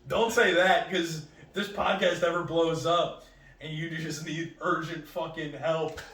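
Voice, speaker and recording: Brief: male comic guest, highish voice, spins a profane, lively yarn, echoey room, mic at a distance. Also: unhurried, background noise. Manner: animated, profane, acts out other people's lines. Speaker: comedian guest. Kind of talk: comedic storytelling on a podcast.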